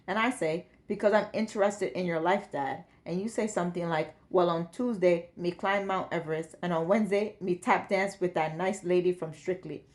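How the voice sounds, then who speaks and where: A woman's voice: fairly low pitch, steady tone, normal speed, few pauses, close to an everyday voice. A woman voicing a grown-up academic daughter who talks to her father with fond exasperation. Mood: exasperated.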